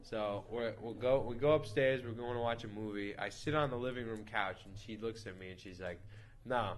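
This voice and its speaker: A man's voice: on the low side, moderate pace. A man in his twenties telling a long, crude story in casual chat, rambling with lots of fillers and repeats. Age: 20s. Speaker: podcast storyteller.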